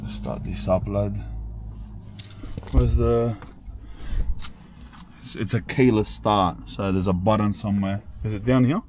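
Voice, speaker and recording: A man's voice: fairly low pitch, measured pace, long pauses, a little mellow, slight background noise. A young man, chatting casually and slangily as a vlogger at an outdoor car yard, thinking aloud as he goes. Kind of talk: casual vlog chat.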